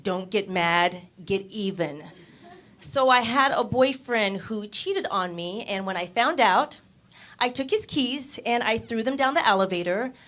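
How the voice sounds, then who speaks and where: A young woman performing a stand-up comedy set on a club stage, landing her punchlines deadpan and putting on voices for the people she quotes. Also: on the high side.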